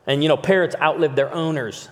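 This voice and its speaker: A man's voice: fairly high pitch, fairly quick. Man preaching in a reverberant hall. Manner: animated, jokey anecdotes with sudden shifts to earnest appeal. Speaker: pastor. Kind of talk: humorous sermon storytelling. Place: large hall with live audience. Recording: long hall reverb, live stage recording.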